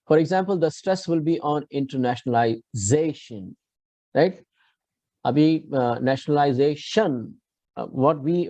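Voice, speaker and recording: A man's voice: medium pitch, mellow, no room sound. A man with an Indian English accent, giving a classroom lecture on English pronunciation, explaining patiently and asking students to repeat after him.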